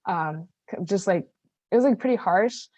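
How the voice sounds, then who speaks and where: A woman's voice: medium pitch, lively intonation, moderate pace, mellow, dry recording, muffled recording. A woman founder talking casually and hesitantly, with many fillers. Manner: hesitant, filler-heavy talk. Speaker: student founder. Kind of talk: casual chat.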